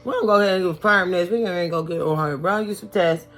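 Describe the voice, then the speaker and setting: A woman's voice: on the low side, quick pace, fairly bright tone, soft background music, lightly acted. A woman voicing a blunt, no-nonsense doctor who talks in a sassy, incredulous way within a retold story.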